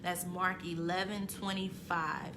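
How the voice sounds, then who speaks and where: A woman's voice: lowish voice, fairly even intonation, a little slow, noisy background. A woman author and motivational speaker giving an inspirational self-help talk, emphatic and repetitive, with casual conversational phrasing that swells into passionate peaks.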